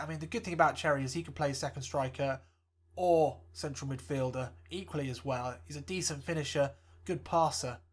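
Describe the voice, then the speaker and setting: Excitable man commentating his own game. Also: a little high. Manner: excitable self-made match commentary, rising to near-shouts at chances. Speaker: gaming YouTuber. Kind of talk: let's play commentary.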